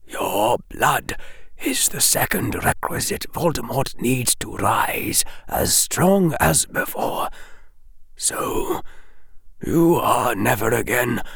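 A grave old wizard speaks in a low, gravelly hush that keeps falling to a whisper, as a man reading the story puts him on. His voice is dry and close, and his delivery is slow and heavy. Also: dry recording, full character voice. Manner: stern, hushed, half-whispered grave delivery. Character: stern, sorrowful old male wizard headmaster.

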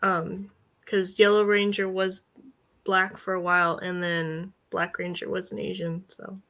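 A woman's voice: fairly low pitch, flat delivery, a little slow, a bit bright. A woman chatting casually with friends on a stream, laughing often and using lots of fillers. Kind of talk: casual group chat.

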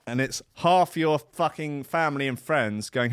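A man's voice: medium pitch, normal speed, few pauses, clean tone, no room sound, clean studio sound. A man as podcast host, doing a sweary comedic monologue that keeps slipping into voices and outbursts. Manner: animated, sweary, slips into voices and shouts.

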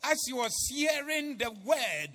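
Preacher, slow fervent sermon, bright ringing voice with wide pitch swings. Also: male voice, very animated. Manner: loud swings from hushed to shouting, chanting repetition.

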